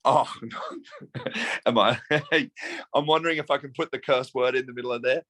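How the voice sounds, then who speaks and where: A man's voice: medium pitch, fairly even intonation, normal speed, fairly bright tone, dry recording. A man with an Australian accent, chatting as a guest in a casual interview, laughing often and swearing casually. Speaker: guest musician.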